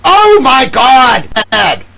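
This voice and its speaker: A man putting on an outraged pompous journalist, high and slow. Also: huge pitch swings, vocal fry, sharp tone, full character voice, poor audio. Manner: melodramatic, pompous outrage, demanding. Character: indignant self-styled male journalist petitioning government.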